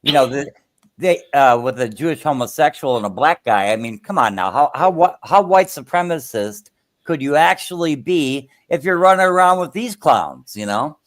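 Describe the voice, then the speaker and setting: A man's voice: fairly high pitch, expressive, moderate pace, a bit bright. Blunt, crude-talking man in casual chat.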